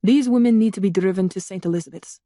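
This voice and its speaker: A woman voicing a calm, mysterious supernatural man. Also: no echo, studio quality, close to an everyday voice. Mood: soothing. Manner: low, soothing, measured. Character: mysterious male supernatural being, calm, commanding.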